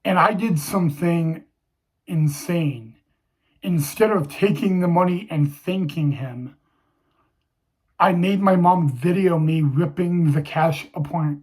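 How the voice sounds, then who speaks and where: A young man telling a personal story to viewers, halting and emotional, with many restarts. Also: a little high, a little mellow, breathy edge.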